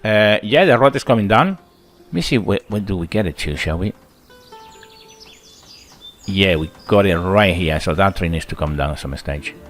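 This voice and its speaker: Deep-voiced man chatting over game play. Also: expressive, moderate pace, long pauses, fairly bright tone, soft background music. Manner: chatty, thinks aloud, counts workers under his breath. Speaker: gameplay channel host. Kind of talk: casual let's-play commentary.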